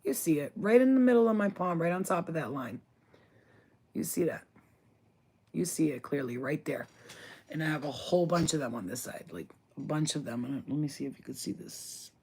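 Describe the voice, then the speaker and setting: Slangy, excitable card reader. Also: medium pitch, moderate pace, breathy edge. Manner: slangy, profane, excitable, talks straight to the viewer. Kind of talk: casual oracle card reading to camera.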